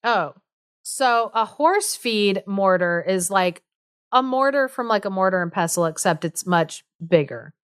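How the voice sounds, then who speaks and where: Woman co-host, casual storyteller, chatty and amused; smooth, clear voice, dry sound. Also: mid-range voice, animated, unhurried, no room sound. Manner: chatty, amused, lots of fillers.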